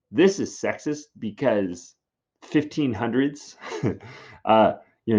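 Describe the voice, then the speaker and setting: A man's voice: on the low side, lively intonation, normal speed, a little mellow, dull audio. A man teaching in a casual classroom style, chatty and full of fillers as he explains a play.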